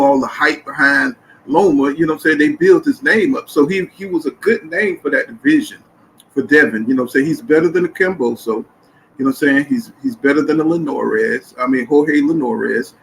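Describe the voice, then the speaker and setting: A man hosting a casual boxing talk show, animated and repetitive, often saying "you know what I'm saying". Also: fairly high pitch, a little hiss or hum, poor audio. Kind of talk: casual chat.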